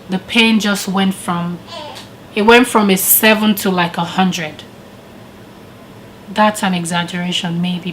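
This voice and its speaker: A woman vlogger casually telling a personal story with animated retellings and frequent laughter. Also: fairly low pitch, slight background noise, rough recording. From living in Canada.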